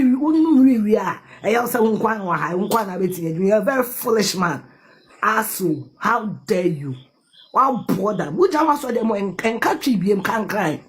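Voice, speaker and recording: A woman with a Ghanaian accent tears into someone in a furious rant, hammering the same insults again and again. Her voice is very husky and breathy throughout, and her pitch sits in an ordinary middle range for a woman. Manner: insulting, scolding, repeats her jabs. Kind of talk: angry ranting commentary.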